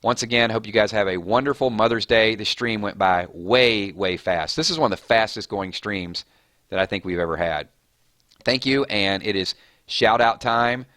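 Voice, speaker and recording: A man's voice: fairly low pitch, fairly bright tone, dry recording, clean studio sound. A man hosting a casual live stream, rattling off chat names and thanking viewers. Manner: rapid-fire, chatty, reading names off chat.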